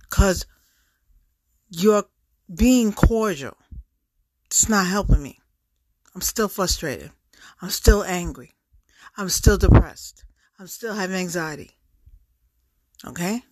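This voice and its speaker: A woman's voice: lowish voice, dry recording, clean studio sound. A middle-aged woman venting candidly to the camera, frank and exasperated, hammering points home with repetition.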